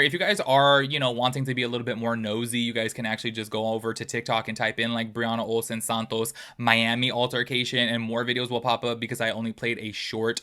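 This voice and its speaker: A man hosts a casual commentary video, chatting at a brisk clip and turning often to his viewers. His voice is bright and forward. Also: medium pitch. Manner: chatty, animated, addresses viewers as y'all. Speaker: host.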